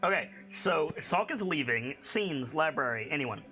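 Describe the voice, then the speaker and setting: A game master running a tabletop game, chatty and quick to laugh. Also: mid-range voice, expressive, sharp tone, soft background music, poor audio.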